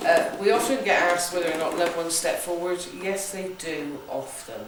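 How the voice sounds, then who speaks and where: A psychic with a West Country accent briefs her ghost hunt group at a normal pace in a fairly low voice, keeping it chatty and jokey and asking "okay?" along the way. A distant camera records her in a large echoey room of an old building, with noise in the background.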